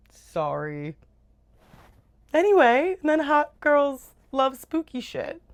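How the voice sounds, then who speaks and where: A young woman chats to camera about her reading in a casual, animated way. She gushes and swears freely, with an easy, chatty delivery. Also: mid-range voice, takes it slowly, long pauses. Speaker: book reviewer. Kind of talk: casual chat.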